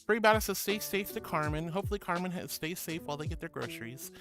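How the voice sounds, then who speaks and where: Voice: medium pitch, expressive, fast, a bit bright. A VTuber streamer casually reading viewer messages aloud, playful and giggly, calling people sweetie and honey. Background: music playing.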